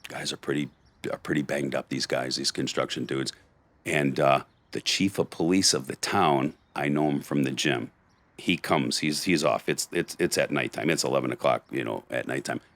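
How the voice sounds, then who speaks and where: A middle-aged man, a podcast guest, telling a rough street story in gritty, blunt talk. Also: very deep voice, moderate pace, fairly bright tone. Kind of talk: storytelling in conversation.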